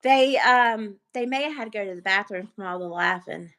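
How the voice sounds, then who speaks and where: A woman, chatting as a guest on a livestream, animated and quick to laugh. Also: medium pitch. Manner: animated storyteller, laughs easily. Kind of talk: casual chat on a livestream.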